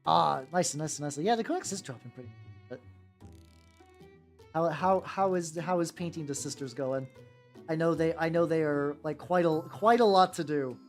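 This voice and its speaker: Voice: medium pitch, normal speed. A VTuber who paints miniatures, chatting casually and profanely with live-stream viewers while working, often restarting sentences. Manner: rambling and profane, with frequent self-restarts. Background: faint background music.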